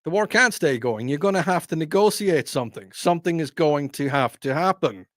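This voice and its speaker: A man's voice: a little high, expressive, fairly quick, no echo, clean studio sound, lightly acted. A man doing a blunt, scolding impression of a brash male president laying down terms.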